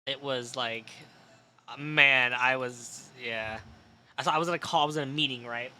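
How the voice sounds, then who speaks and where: A man's voice: medium pitch, moderate pace, slight background noise. Tired young man telling a story on stream. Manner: animated storytelling, swears casually. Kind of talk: casual gaming stream chat.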